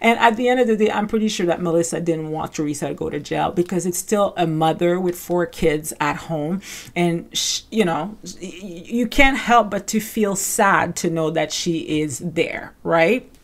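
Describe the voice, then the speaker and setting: A chatty woman hosts a casual recap show in a slightly low voice. She piles on fillers as she talks and acts out other people's lines while retelling them. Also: moderate pace. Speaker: podcast host.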